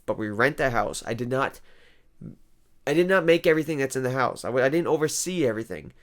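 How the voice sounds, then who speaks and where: A man hosting a comedy vlog, ranting in a rambling, exasperated monologue that swings between loud outbursts and quiet asides. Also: medium pitch, animated, quick pace.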